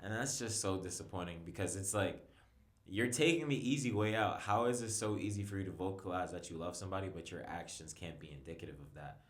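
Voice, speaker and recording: A man's voice: low-pitched, fast, reverberant. A man talking as a guest on a casual podcast, earnest and emphatic about self-respect. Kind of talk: casual chat.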